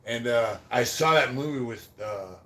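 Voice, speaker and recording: Male podcast host, mid-pitched, swears freely, rambling prison yarns that trail off quietly. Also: moderate pace. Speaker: podcast host reading super chats. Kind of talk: casual storytelling about prison life.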